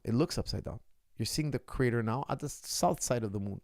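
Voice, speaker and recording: A man's voice: mid-range voice, very animated, quick pace, creaky, a little mellow, dry recording, studio quality. A martial arts coach holding forth in a casual Q&A, emphatic and lecturing, mimicking critics' questions to make his point. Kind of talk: casual Q&A monologue. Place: lives in Canada.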